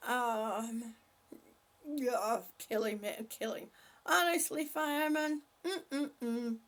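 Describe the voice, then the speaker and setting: High-voiced older woman leading gentle stretches. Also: slow pace. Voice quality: breathy at times. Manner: warm, chatty, reads viewer comments aloud, laughs often. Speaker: livestream host leading stretches. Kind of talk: casual livestream chat and exercise cues.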